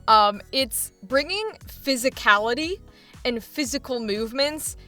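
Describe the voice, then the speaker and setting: Woman, acting coach, high bright voice, upbeat and laughing, faint music under her. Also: animated, measured pace. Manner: enthusiastic, laughs often, encouraging. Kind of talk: coaching feedback chat.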